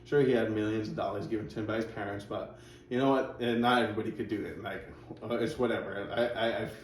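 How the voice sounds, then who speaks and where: A man's voice: fairly low pitch, steady tone, fast talker. A man hosting a reaction video, rambling in casual commentary with sarcastic asides. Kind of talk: casual commentary over clips. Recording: roomy, distant mic, faint noise.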